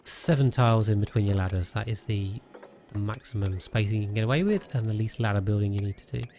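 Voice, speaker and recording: A man's voice: on the low side, fast, a little mellow, slight background noise. A man streaming a game, thinking aloud in casual commentary with frequent restarts and trailing sentences.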